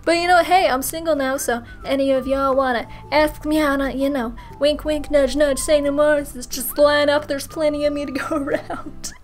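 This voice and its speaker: A woman with a high, light voice answers viewer questions in a casual vlog. She rambles, giggles often and jokes at her own expense. Faint music plays quietly behind her. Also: steady tone, normal speed, hardly any pauses. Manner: giggly, self-mocking and rambling.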